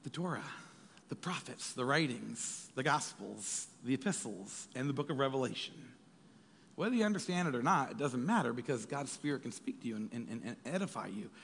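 A man preaching a sermon as pastor, animated and jokey, slipping into quick acted asides. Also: mid-range voice, vocal fry, a little hiss or hum. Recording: reverberant hall.

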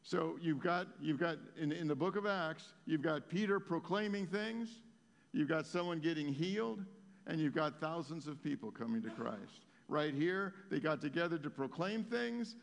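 Male pastor, slightly high voice, conversational storytelling sermon in a reverberant hall. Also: normal speed, gravelly. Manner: storytelling, conversational with many fillers and restarts.

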